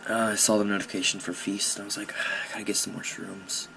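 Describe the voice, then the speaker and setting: A man's voice: lowish voice, little pitch movement, fast, vocal fry, noisy background. A young man narrating a recorded game of his own in casual commentary, playing up mock drama about his feelings as a joke. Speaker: gaming commentator.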